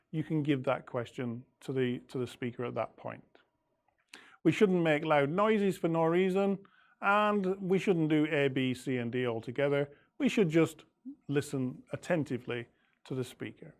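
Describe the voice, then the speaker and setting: A man teacher going over the answers of an English lesson, reading example sentences slowly and deliberately and marking rising and falling tones. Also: fairly high pitch.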